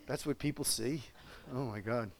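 A man's voice: mid-range voice, normal speed, noisy background. An older man preaching a conversational sermon, folksy and chuckling, often asking his listeners questions.

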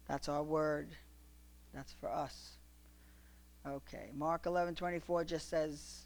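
A preacher reading scripture aloud and telling lively stories to a congregation, often laughing. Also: female voice, low-pitched, takes it slowly, creaky, long pauses. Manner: animated, laughing storyteller.

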